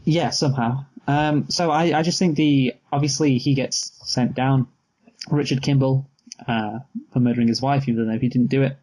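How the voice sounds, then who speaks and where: Man, movie podcast co-host, relaxed and halting delivery, mid pitch. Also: rough recording. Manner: laid-back, hesitant with many fillers. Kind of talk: casual film review chat.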